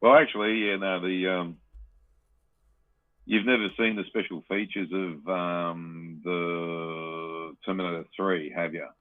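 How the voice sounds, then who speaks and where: A man's voice: sits low, slow pace, no echo. A man co-hosting a podcast, chatting casually and rambling, with frequent swearing. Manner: swears a lot, rambling, animated. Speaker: podcast co-host. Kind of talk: casual chat. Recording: tinny dry phone-like line.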